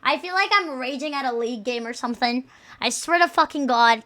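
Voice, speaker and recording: A young adult woman streaming and chatting casually, loud, crude and joking, swearing often. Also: sits high, brisk.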